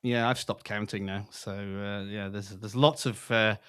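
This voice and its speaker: A British man hosting a tech podcast in casual chat, relaxed and full of fillers. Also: on the low side, measured pace, clear, resonant tone. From Britain. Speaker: podcast host.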